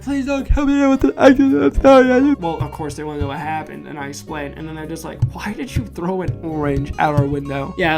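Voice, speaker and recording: A teenage guy hosts a casual storytelling podcast, recorded on a phone mic. He's chatty and goofy, and his pitch jumps high when he acts out quotes. A clear guitar tune plays behind him the whole time. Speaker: podcast host. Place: loud location. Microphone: phone microphone. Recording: guitar music playing behind.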